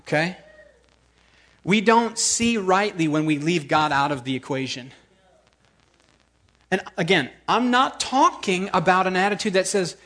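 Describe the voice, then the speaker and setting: A male preacher with a notably high-pitched voice delivers a sermon. He talks in a lively, emphatic way, circling back and repeating words for force. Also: measured pace, long pauses.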